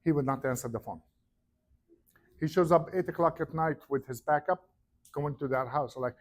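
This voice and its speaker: Guy, real estate talk, super animated, slips into other people's voices. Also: a little high, moderate pace, pauses often. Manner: animated storyteller, acts out quoted voices. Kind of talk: seminar talk to an audience.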